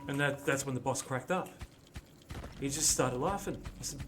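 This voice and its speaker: A man casually telling a story while playing a game, acting out both sides of arguments in a lively way. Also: mid-range voice, normal speed, music in the background. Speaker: gaming channel host. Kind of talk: casual storytelling over gameplay.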